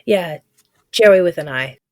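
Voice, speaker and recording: A woman's voice: fairly low pitch, a little slow, no room sound, clean studio sound. A woman playing a cheerful hard-drinking adventurer. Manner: lively, raised, jokey. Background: background music.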